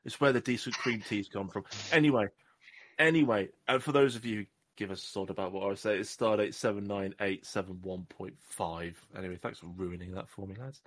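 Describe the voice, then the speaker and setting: A man's voice: on the low side, a little fast, fairly bright tone. A man from Southwest England, co-hosting a podcast in casual, jokey chat and often tripping over his words. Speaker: podcast co-host.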